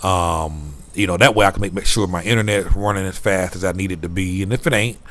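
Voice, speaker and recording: A man's voice: low-pitched, quick pace, a bit bright. A man giving a casual video update from his phone at night, rambling, restarting and repeating words. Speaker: vlogger. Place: rented room at night.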